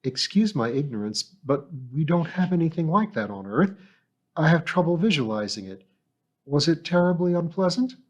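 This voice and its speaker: A man's voice: on the high side, sing-song, normal speed, slightly rough, dull audio. A man doing a poised young society lady. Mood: hesitant. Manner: polite, bright, gently inquisitive. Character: young society woman, poised hostess, curious.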